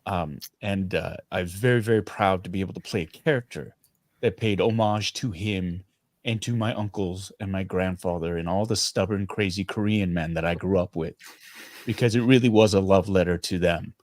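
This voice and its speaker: A middle-aged man from Canada, a guest actor speaking in a casual interview, earnest and animated, often restarting his sentences. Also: deep voice, normal speed, dry recording.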